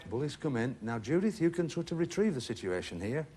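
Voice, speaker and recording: Joking game show host, lively pitch. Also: male voice, brisk, slight background noise. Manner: chatty, joking, teasing contestants. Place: TV studio with a live audience.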